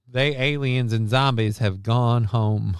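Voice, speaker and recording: A man riffs through the news on his stream with a gravelly, creaky edge over a smooth, resonant tone. He rambles and swears with dry sarcasm, and the recording is close and dead. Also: mid-range voice, fairly even intonation, slow, no echo. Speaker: livestream news host. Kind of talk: casual news chat.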